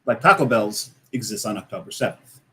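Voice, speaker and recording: A man's voice: fairly low pitch, animated, brisk, sharp tone, a little hiss or hum, poor audio. A man co-hosting a casual talk show who explains things at length in a methodical way. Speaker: co-host. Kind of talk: casual chat.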